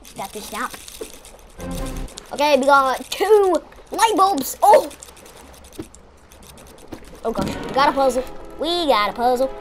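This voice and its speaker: A woman giving excitable, chatty let's-play commentary, exclaiming as she plays. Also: sits high, unhurried, long pauses, over music. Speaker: gamer.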